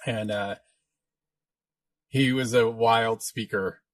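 A man's voice: on the low side, steady tone, slow pace, no room sound. Easygoing man hosting a live chat. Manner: easygoing, rambling, reading viewer questions aloud. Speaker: livestream host and minister. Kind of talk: casual livestream chat.

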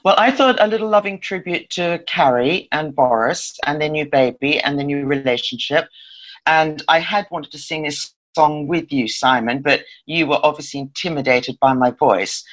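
A woman's voice: low voice, moderate pace. A woman co-hosting a casual political chat, blunt and teasing with a wry edge. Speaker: podcast co-host.

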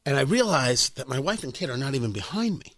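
A middle-aged man from the New York and New Jersey area, a radio host telling a self-mocking story in an animated way. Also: medium pitch, quick pace, dry recording, clean studio sound. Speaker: radio talk show host. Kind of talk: radio monologue.

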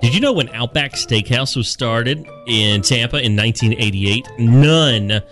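A man's voice: mid-range voice, animated, a little slow, fairly bright tone, soft background music. A man hosting a radio show, upbeat and teasing, laughing often with his co-hosts. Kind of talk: casual studio banter.

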